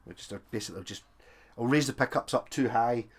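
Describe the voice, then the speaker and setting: A man's voice: medium pitch, quick pace, husky. A man thinking aloud in chatty, self-mocking commentary while he works on a guitar. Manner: chatty and self-mocking, talks while working with his hands. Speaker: guitar tinkerer, video maker.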